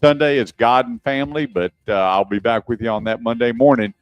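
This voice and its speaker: A man hosts a radio show from a studio and keeps the talk casual while he recounts customer stories. He acts out both sides of each exchange, and his voice sits at an ordinary male pitch. The sound is close and dry. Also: brisk, smooth, no echo, highs cut off. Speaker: radio show host and car advisor.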